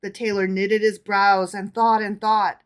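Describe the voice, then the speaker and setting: A woman's voice: mid-range voice, level tone, a little slow. Chatty woman co-host reading aloud. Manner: chatty, checks in with her listener. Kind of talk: casual book club reading.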